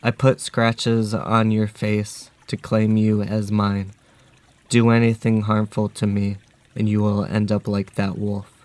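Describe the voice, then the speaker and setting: A man voicing a huge menacing talking wolf, delivering threats in a flat, measured way. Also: lowish voice, dry recording.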